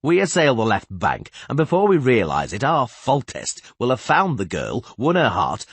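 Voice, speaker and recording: A man's voice: medium pitch, husky, dry recording, voice pushed up. A man voicing a calculating, sardonic king in an audiobook. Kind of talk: audiobook character voice.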